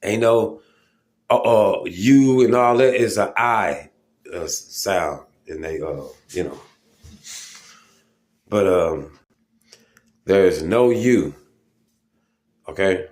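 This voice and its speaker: Low-voiced man, informal and emphatic. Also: slow pace, pauses often, darkish tone. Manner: informal and emphatic, with many fillers and "okay?" check-ins. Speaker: religious video host. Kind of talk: casual spoken monologue.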